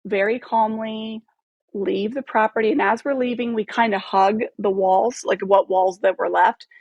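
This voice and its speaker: A woman in her thirties, a podcast guest telling a long story in a casual, animated way, swearing freely and acting out the dialogue. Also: medium pitch, normal speed, vocal fry, husky, no room sound, highs cut off. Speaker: podcast guest, photographer and former model.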